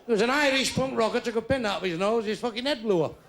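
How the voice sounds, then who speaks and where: A man's voice: very high-pitched, fast talker, crowd noise, noisy background. An older man telling crude stand-up jokes on stage, acting out voices with blunt punchlines. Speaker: stand-up comedian. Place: comedy club stage with audience.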